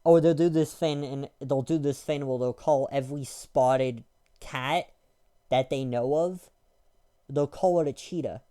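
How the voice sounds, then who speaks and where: Young man with a mellow, smooth voice ranting. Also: medium pitch, unhurried. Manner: irritated, rambling, crude, with frequent restarts and filler. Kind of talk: casual ranting monologue.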